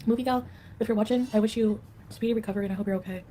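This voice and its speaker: A woman's voice: fairly high pitch, fairly even intonation, racing, mellow, slight background noise. A woman livestreaming in a casual, rambling way, reading viewer comments aloud and answering them.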